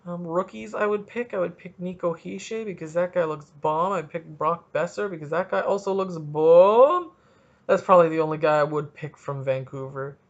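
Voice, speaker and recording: A man from Canada hosting a casual solo podcast, rambling and joking as he thinks out loud. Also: on the high side, normal speed. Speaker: podcast host. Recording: dull lo-fi recording.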